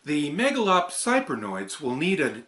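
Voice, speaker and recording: A man's voice: on the high side, huge pitch swings, moderate pace, a bit bright, pitched above the performer's own voice. A man voicing a theatrical male horror-show host character in a hammy, showman-like delivery.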